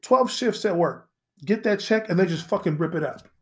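A young adult man hosts a solo podcast in a sarcastic, profane rant, with a voice pitched a little on the high side. He rambles and keeps tagging his points with "right?" and "you know?". When he quotes other people, he drops into a low, mocking voice. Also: animated, moderate pace. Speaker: podcast host.

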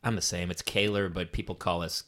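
A middle-aged man hosting a podcast who talks in an animated, blunt way and swears freely. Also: sits low, brisk. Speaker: podcast host. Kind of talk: casual conversation.

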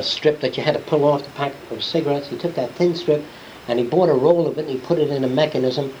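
A man's voice: medium pitch, darkish tone, low-quality recording. A man giving an unscripted classroom lecture, blunt and rambling, swearing and acting out the people he quotes. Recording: old lecture tape with hiss.

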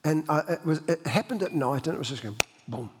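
A man's voice: a little high, expressive, brisk, background noise. A man preaching a sermon in a conversational, storytelling way, with frequent restarts and self-deprecating humor. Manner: many restarts and repeated words. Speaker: pastor. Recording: long reverb of a church hall.

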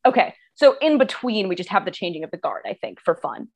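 A woman's voice: medium pitch, wildly swooping pitch, fairly quick, breathy edge. A woman co-hosting a podcast, casually recapping a movie plot with a chatty, sarcastic tone. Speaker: podcast co-host.

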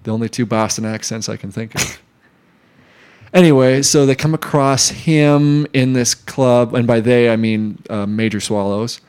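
A man co-hosting a podcast, rambling and improvising ideas out loud in casual comedic chat. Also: mid-range voice, steady tone, moderate pace, clean tone. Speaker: podcast co-host.

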